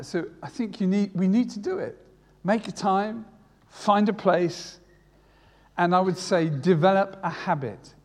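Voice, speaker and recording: A man's voice: high voice, big-room sound. A retired man preaching a sermon, earnest and repeating key phrases for emphasis. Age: older.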